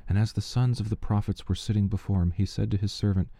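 A man giving a steady, measured reading of Bible passages aloud, with the odd slip he corrects. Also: fairly low pitch, vocal fry, no room sound. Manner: steady, measured reading with small slips and restarts. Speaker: scripture reader.

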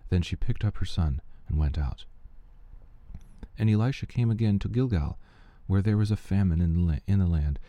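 A man reading scripture aloud at a measured, steady pace. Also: low-pitched, no echo, muffled recording.

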